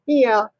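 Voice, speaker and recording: An older woman with a drawl chats slowly and warmly with her viewers. Her pitch swings widely as she laughs her way through the talk. The sound is dry and a little dull, like a lo-fi home stream. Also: dry recording. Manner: laughs often, chatty and folksy. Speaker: livestream host. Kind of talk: casual chat answering viewers.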